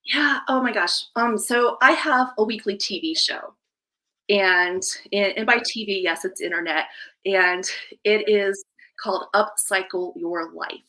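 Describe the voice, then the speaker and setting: A woman life coach speaking as a podcast guest, delivering an energetic, emphatic motivational pitch. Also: unhurried, rough recording. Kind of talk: live podcast interview.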